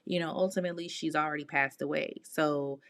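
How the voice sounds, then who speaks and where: A woman hosting a podcast, telling a true-crime story in a casual, animated way, with outspoken, exasperated asides in slang. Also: deep voice, brisk. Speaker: podcast host.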